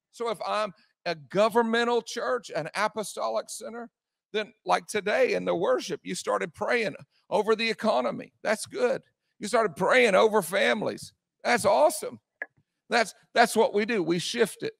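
A male pastor delivers a fiery sermon in a high-pitched, gravelly voice. He hammers phrases again and again and swings between shouting and quieter asides. The sound is close and dry. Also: moderate pace, dry recording. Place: church sanctuary.

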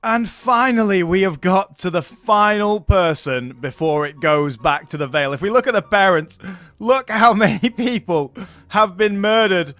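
A man's voice: sits high, moderate pace, a bit bright, no room sound. A man giving chatty gameplay commentary as he plays, chuckling often between remarks. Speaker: gaming YouTuber.

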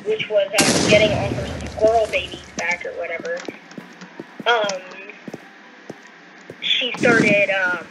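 A woman's voice: mid-range voice, fairly even intonation, takes it slowly, long pauses. A woman chatting casually as a co-player, hesitant and full of ums. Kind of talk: casual chat. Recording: loud background noise on a quiet mic.

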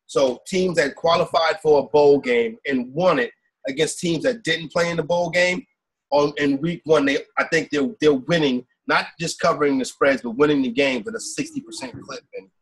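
A man's voice: on the high side, moderate pace, husky, low-quality recording. A man co-hosting a sports podcast, talking casually about football betting in a rambling way, often asking "you know what I'm saying". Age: adult with kids. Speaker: podcast co-host.

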